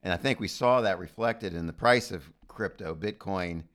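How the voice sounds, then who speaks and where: Low-voiced American man musing. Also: a bit bright. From United States. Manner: musing, opinionated, halting. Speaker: podcast co-host. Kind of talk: casual chat.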